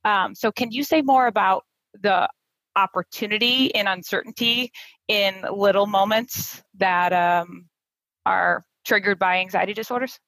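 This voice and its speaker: A woman interviewing a guest, asking a measured question with filler pauses. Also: medium pitch, steady tone, a bit bright, no echo, low-quality recording.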